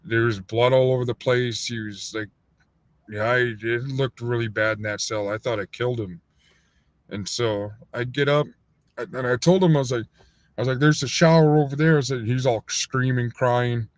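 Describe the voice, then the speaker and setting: A man casually telling a rambling, profane story on a livestream, full of fillers, sometimes acting out other people in a higher voice. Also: fairly even intonation, moderate pace, no room sound. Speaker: livestream host. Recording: dull, lo-fi dry sound.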